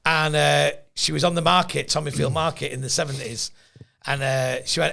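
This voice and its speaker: A man's voice: a little high, moderate pace, creaky, a little hiss or hum. A man telling comic stories on a podcast, laughing often and doing voices for the people in them. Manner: animated anecdote-telling, laughs often, mimics voices in quotes. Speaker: podcast co-host, comedian. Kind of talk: casual storytelling chat.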